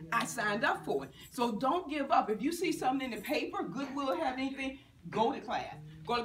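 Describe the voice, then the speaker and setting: A middle-aged woman from Virginia, a banker giving a lively motivational talk to students, often laughing and acting out what people said. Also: fairly high pitch. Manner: lively, laughing, acts out quotes. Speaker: banker and guest speaker. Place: university lecture room. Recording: echoey room, distant mic, faint noise.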